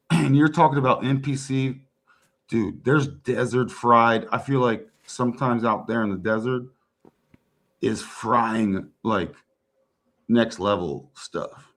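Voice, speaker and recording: A man guesting on a casual stream chat, talking in a slangy, laid-back way with drawn-out asides. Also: medium pitch, a bit bright.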